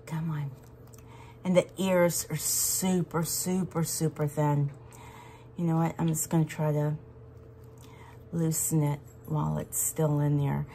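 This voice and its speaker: A woman chatting to her viewers as she works on a craft project, excitable and talkative. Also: deep voice, slight background noise. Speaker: resin craft vlogger. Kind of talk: casual crafting vlog chat.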